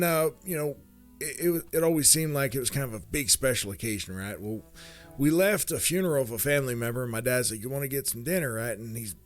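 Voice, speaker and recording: A man telling a funny family story in a casual, animated way, jumping in pitch as he acts out what people said. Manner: animated, acts out quotes with big pitch jumps. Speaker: storyteller comedian. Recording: faint guitar music behind.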